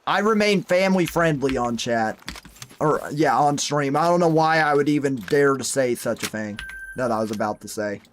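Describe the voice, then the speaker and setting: A man's voice: medium pitch, animated, moderate pace, slight background noise. A young man streaming a hunting game, chatting casually and reading viewer messages aloud with folksy exclamations. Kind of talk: casual live-stream commentary.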